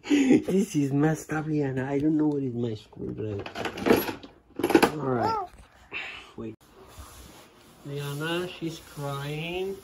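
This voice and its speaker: A man talking to his small daughter at home in a home vlog, patient and gently coaxing, in simple broken English. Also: on the high side, a little hiss or hum. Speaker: father filming his young daughter. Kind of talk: casual home vlog talk to a child.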